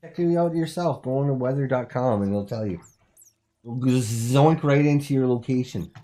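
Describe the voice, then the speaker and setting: A man's voice: medium pitch, moderate pace, warm tone. A man hosting a comedic call-in talk show with a theatrical, exaggerated announcer delivery.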